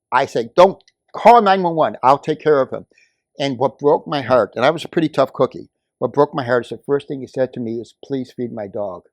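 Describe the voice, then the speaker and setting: An older man speaking at a community meeting, telling a story and building to forceful, emphatic outbursts. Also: mid-range voice, no echo. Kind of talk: impassioned public comment.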